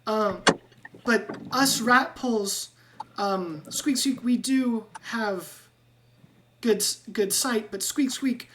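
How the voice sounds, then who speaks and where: A woman voicing a timid rat-person guide who keeps squeaking between words in a tabletop game. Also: slow pace, noisy background. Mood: eager. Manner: peppers speech with squeaks.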